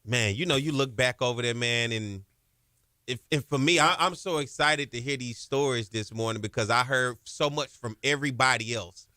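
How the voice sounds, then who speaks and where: A man's voice: medium pitch, sharp tone, no room sound, clean studio sound. A man hosting a podcast, eagerly reacting to and prompting his guest in a casual interview. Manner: enthusiastic, quick to react and prompt. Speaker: podcast host.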